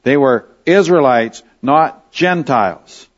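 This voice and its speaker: A man from Canada preaching a verse-by-verse sermon, leaning on key words and dropping soft at the ends of phrases. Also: medium pitch, animated, takes it slowly. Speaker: pastor. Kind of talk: expository sermon. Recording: slightly dull lo-fi sound.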